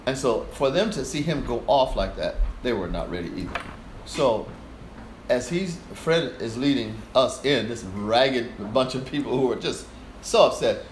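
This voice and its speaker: An older man recalls a story as an interview guest, animated and acting out the voices as he goes. His pitch rises and falls freely. The room around him is echoey, with a faint hiss. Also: normal speed. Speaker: guest performer. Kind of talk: storytelling in conversation.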